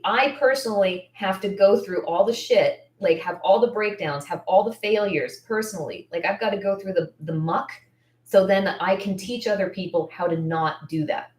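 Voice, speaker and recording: A woman's voice: mid-range voice, darkish tone, echoey room. A woman business coach chatting on a livestream, candid and effusive, rambling with lots of likes and restarts. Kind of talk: casual livestream chat.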